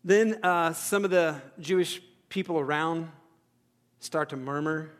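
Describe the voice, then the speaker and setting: A man's voice: a little high, measured pace. Man preaching in a reverberant hall. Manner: conversational, self-deprecating, acts out characters' thoughts. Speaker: pastor. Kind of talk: sermon.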